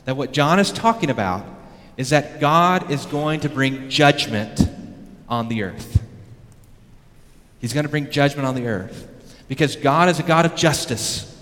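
A man delivers a sermon in a medium-pitched voice, pressing his points hard and then pulling back to low, quiet lines. The recording carries the long reverb of a church hall. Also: expressive, unhurried, pauses often. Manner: emphatic preaching, rising to loud peaks and dropping low. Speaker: pastor. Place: church sanctuary.

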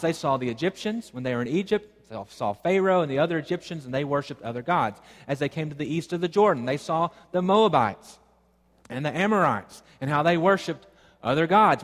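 A man's voice: a little high, big-room sound. A male pastor preaching a sermon, driving his point home with repeated rhetorical questions. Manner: rhetorical questions, emphatic repetition.

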